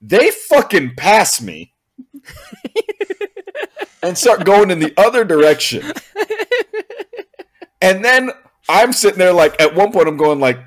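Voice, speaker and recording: A young man telling a long comic story in casual chat, animated and exasperated, swearing and laughing as he goes. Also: high-pitched, slow, pauses often.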